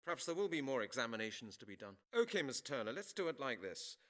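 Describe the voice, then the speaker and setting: A courteous police detective. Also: male voice, mid-range voice, sing-song, fast, fairly bright tone. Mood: polite. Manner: formal, courteous. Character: calm male police detective. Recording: game audio with faint music.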